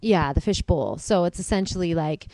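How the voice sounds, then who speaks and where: A woman co-hosting a casual chat, telling animated stories and breaking into silly voices. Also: on the low side, moderate pace, no echo, poor audio. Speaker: podcast co-host.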